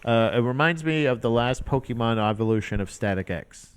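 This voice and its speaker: A man's voice: medium pitch, animated, brisk, clean tone. A man co-hosting a casual comedic music podcast, talking in a rambling, playful way with many fillers. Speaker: podcast co-host.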